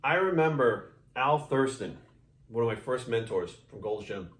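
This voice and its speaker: A man rants to the camera with blunt passion and a steady stream of swearing. His voice sits at a middling pitch. He stands back from the mic, so the room echoes around him. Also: normal speed. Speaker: fitness coach. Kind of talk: ranting vlog monologue. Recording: roomy sound, mic at a distance.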